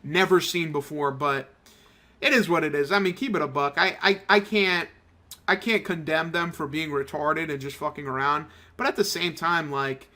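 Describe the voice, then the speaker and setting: A man's voice: a little high, moderate pace, pushed and bright. A young man giving casual, rambling, profane commentary over a mobile game he is playing. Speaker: gaming channel host. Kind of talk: casual let's-play commentary.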